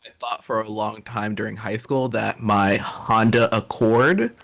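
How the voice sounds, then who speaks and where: Gravelly low-key man. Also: a little slow, a bit bright. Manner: dry, apologetic, low-key. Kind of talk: casual group chat on a game stream.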